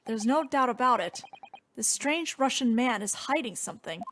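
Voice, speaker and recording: A woman's voice: on the high side, lively intonation, normal speed, fairly bright tone, slight background noise. A woman voicing an earnest, polite young male lawyer in a video game, reading close to her own voice. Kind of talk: reading game dialogue aloud.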